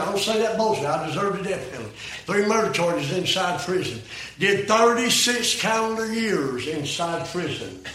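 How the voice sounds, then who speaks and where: Older male preacher, high and bright, fiery and folksy; echoey room, off-mic. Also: expressive, normal speed, far from the mic, slight background noise. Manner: swings between shouted peaks and low, quiet asides; folksy plain-spoken preaching. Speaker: preacher giving his testimony. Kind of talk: fiery sermon.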